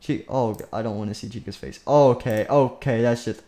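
A man's voice: medium pitch, fairly quick, noisy background. A young man, a YouTuber, playfully narrating a game machinima with lots of fillers. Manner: rambling, silly, full of fillers.

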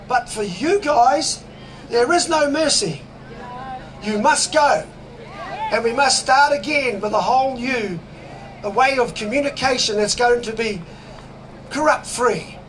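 A man with a New Zealand accent giving a fiery, preachy speech at an outdoor protest, shouting slogans. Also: extremely high pitch, measured pace, long pauses. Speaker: rally speaker. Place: outdoors at a city demonstration. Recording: crowd and traffic noise outdoors.

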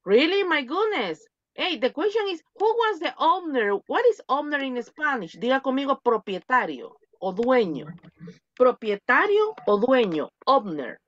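A woman's voice: sits high, big pitch swings, normal speed, no echo, lo-fi sound. A woman English teacher on a video call, reading a story aloud and drilling pronunciation, switching between English and Spanish. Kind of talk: online English lesson for Spanish speakers.

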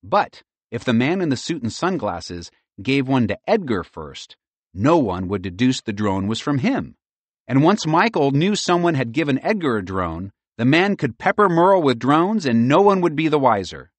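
A man narrating a children's audiobook with lively, expressive storytelling. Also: medium pitch, moderate pace, no room sound.

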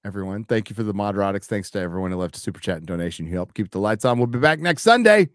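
Middle-aged male host, joking and lively, dry close mic. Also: fairly low pitch, very fast, no echo. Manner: joking, teasing, with frequent laughs. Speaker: podcast host. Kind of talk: casual live-stream chat.

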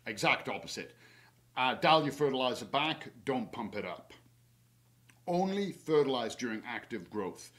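Relaxed and easygoing, a male horticulturist runs an instructional webinar about spring garden care, sharing practical pointers from his own yard. He speaks at a normal speed in a middle-pitched voice, rambling a little with many "uh"s and "um"s and laughing at his own mistakes.

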